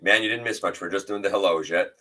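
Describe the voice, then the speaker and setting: A man with a low voice that has a bright, forceful edge hosts a relaxed livestream from his home setup. He rambles a little, greets viewers by name and reads their chat comments back to them. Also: quick pace. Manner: rambling with fillers and restarts. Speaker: livestream host.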